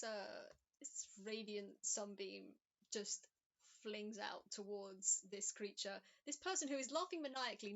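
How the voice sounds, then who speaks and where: Game master, woman, high and bright, lively chatty tabletop narration. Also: highs cut off. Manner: animated, chatty, lots of ums.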